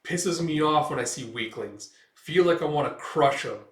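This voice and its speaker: A man voicing a gruff, cold male swordsman who talks flatly and bluntly. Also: a little high, moderate pace. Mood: contemptuous. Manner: flat, blunt. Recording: echoey room, distant mic.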